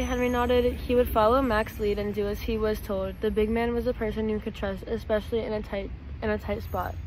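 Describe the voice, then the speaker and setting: A woman's voice: fairly high pitch, steady tone, normal speed, hardly any pauses, noisy background. A woman reading a children's storybook aloud in a casual way, with small slips. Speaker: student reader.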